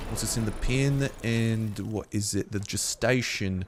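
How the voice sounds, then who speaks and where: A man's voice: lowish voice, a little slow, hardly any pauses, slight background noise. Chatty young man narrating gameplay. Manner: chatty and upbeat, talks to the animals. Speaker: gaming YouTuber. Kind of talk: gameplay commentary.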